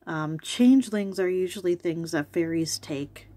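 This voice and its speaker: A woman's voice: lowish voice, unhurried, mellow, dry recording. A woman with an allergy-worn voice, chatting casually at her home desk as a video host, rambling with asides and ums. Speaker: YouTube host. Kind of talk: casual chat about cryptids.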